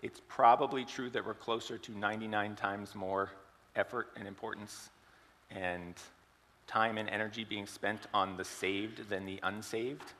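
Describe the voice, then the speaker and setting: Bright-voiced man preaching in a reverberant hall. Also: lowish voice, fairly even intonation, a little slow. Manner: storytelling, asks the congregation questions. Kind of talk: sermon with an acted illustration.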